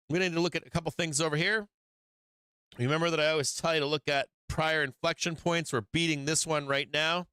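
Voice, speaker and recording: Fairly quick and steady in tone, this man's highish voice is pushed and bright yet smooth, with no echo. On his stock market stream he gives casual live chart commentary, loud, profane, and hyped, talking right to his viewers.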